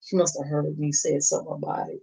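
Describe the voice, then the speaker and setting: A woman's voice: deep voice, little pitch movement, fast, vocal fry, warm tone, poor audio. Sassy gossiping woman streamer. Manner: gossipy, sassy, mocking asides. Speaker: livestream host. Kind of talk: casual reaction stream chat.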